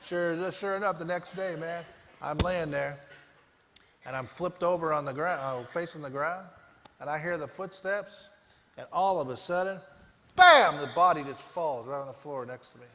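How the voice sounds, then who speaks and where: Animated man telling a story on stage. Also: on the high side, normal speed, slight background noise. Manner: animated storyteller, swinging between loud and hushed. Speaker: keynote speaker. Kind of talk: motivational keynote storytelling. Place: large conference hall. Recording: echoey hall, faint ambience.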